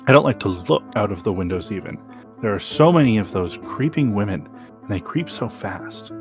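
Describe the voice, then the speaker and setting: A man hosting a podcast, giving a dramatic reading of a classic story with slow, deliberate delivery and sudden emphatic rises. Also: on the low side. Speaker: podcast host reading aloud.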